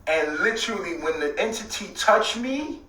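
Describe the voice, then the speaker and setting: A man telling a rambling story in casual talk, swearing often and at times breaking into shouts. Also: sits high, expressive, moderate pace, recorded from a distance. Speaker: host. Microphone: streaming setup. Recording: echoey room, away from the mic.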